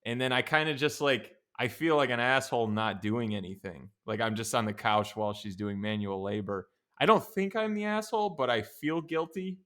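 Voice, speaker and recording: A young man co-hosting a podcast, telling a relaxed, rambling story in casual chat with plenty of swearing. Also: mid-range voice, moderate pace, hardly any pauses. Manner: laid-back storytelling with frequent swearing. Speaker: podcast co-host.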